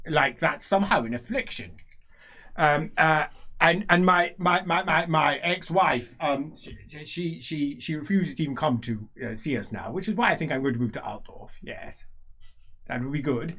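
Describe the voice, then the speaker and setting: A man's voice: on the high side, moderate pace, bright, forceful tone. A man voicing a grumpy, blunt old man who rambles and stammers in a tabletop game. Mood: grumbling. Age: older.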